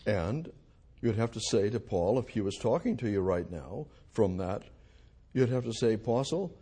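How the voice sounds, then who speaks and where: Husky-voiced man preaching a sermon. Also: lowish voice, lively intonation. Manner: swings from hushed to loud emphasis, slow dramatic phrasing. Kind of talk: expository sermon reading scripture.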